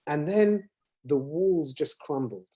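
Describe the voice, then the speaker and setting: Bright-voiced rabbi explaining earnestly. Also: male voice, fairly high pitch, expressive, slow, slightly rough. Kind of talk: casual conversation.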